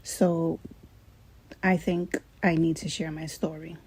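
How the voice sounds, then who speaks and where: A woman with a fairly low voice tells her own story in a halting way. She leans on fillers and repeats herself as she talks through a painful experience. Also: flat delivery, a little mellow, breathy edge. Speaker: former surgery patient. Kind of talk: personal testimony.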